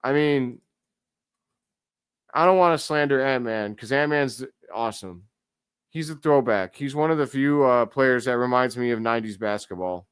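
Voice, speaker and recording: Excitable man calling a game. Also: medium pitch, normal speed, clean tone, no room sound, studio quality. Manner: excitable fan, talks to chat. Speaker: live stream host. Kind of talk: casual play-by-play commentary.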